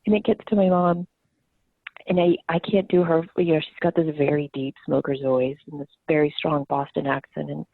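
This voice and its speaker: A woman's voice: sits low, fairly even intonation, moderate pace, dry recording. A woman hosting a podcast who talks candidly about her family and laughs often. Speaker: podcast host. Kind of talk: casual conversation. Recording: tinny phone-like line, dry.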